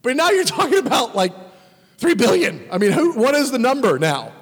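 A man preaching a sermon as a pastor, animated and emphatic, swinging between exclamations and quiet asides. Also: very high-pitched, fairly quick, slightly rough, in a large hall.

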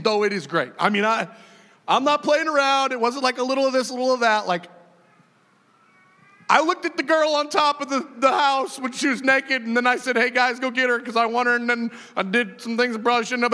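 A man delivers a sermon in a bright, high-pitched voice, chatty and animated, breaking into acted-out exclamations. His voice rings with a long hall reverb. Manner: animated, conversational, acts out quoted voices. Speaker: pastor.

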